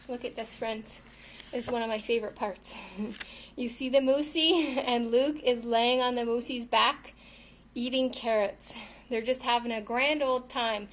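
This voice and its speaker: A woman's voice: on the high side, fairly even intonation, measured pace, recorded from a distance. A woman who teaches yoga to children, cheerfully reading a storybook and leading a class, often calling the listeners friends. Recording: roomy echo, faint noise.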